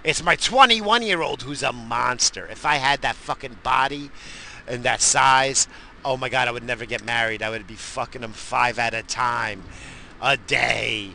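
Gravelly, bright-voiced crude male podcaster. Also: mid-range voice, moderate pace, slight background noise. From New York area. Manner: crude, boisterous storytelling. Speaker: podcast host. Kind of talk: profane casual monologue.

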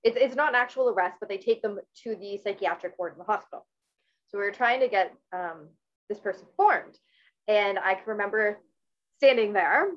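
A woman's voice: mid-range voice, normal speed, highs cut off. Earnest woman interviewer from Canada. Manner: earnest, rambling, many restarts. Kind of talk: casual interview.

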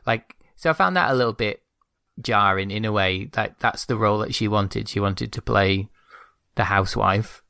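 A man's voice: lowish voice, moderate pace, gravelly, sharp tone, dry recording, clean studio sound. A man co-hosting a podcast, discussing a film in a thoughtful, hesitant way with many restarts. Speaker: podcast co-host.

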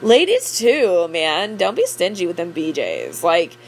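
A woman's voice: on the low side, wildly swooping pitch, unhurried, faint music behind. A young woman who works as a cook, rambling in a casual late-night monologue, blunt and profane, full of fillers and frequent laughs. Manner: laughs often.

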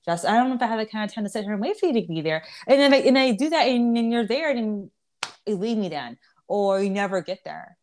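A woman's voice: medium pitch, animated, quick pace, darkish tone. Candid, profane woman podcast host. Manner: candid, profane, laughs often, many restarts. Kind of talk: casual chat.

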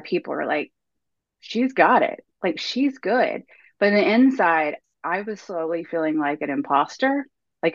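A woman in her thirties telling her story as a podcast guest, animated, acting out her own past self-talk in quoted lines. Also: fairly low pitch, no room sound, muffled recording. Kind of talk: candid storytelling interview.

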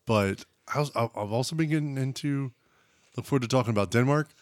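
A man's voice: medium pitch, quick pace, dry recording, clean studio sound. A young man co-hosting a podcast, chatting casually in a playful, jokey way and finishing his partner's sentences. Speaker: podcast co-host. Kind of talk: casual chat.

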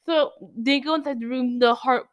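A woman with a fairly high voice chatting casually as a podcast co-host. She retells scenes in an animated, lively way. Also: normal speed. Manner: animated, acts out scenes with excited outbursts. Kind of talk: casual movie-review chat.

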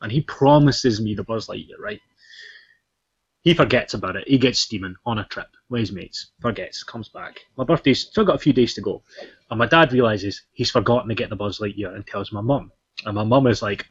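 Husky scottish guy rambling through a funny story, muffled podcast sound. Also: fairly low pitch, brisk. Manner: animated storyteller, lots of ums and restarts. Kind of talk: casual chat, storytelling. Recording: dull lo-fi podcast audio.

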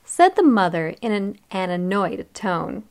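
A woman's voice: medium pitch, very animated, unhurried, a little mellow, clean tone. A woman reading a first-person story aloud in a cheerful, playful and teasing manner. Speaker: narrator.

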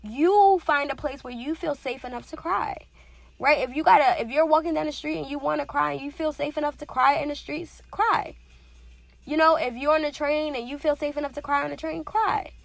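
A woman's voice: sits high, fairly quick, vocal fry, no room sound. A woman in a casual, earnest motivational talk, speaking conversationally with many fillers and repetitions.

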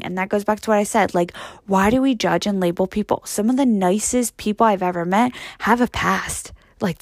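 A woman's voice: medium pitch, no echo, studio quality. A young adult woman hosting a podcast, talking in a casual solo monologue, blunt and profane, rambling with lots of fillers. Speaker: podcast host.

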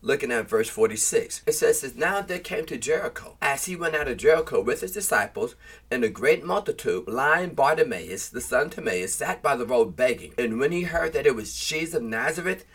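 A man's voice: mid-range voice, lively intonation, brisk, fairly bright tone, husky. A man preaching a sermon, reading scripture aloud and urging listeners in an earnest tone. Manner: earnest preaching that mixes read scripture with plain exhortation.

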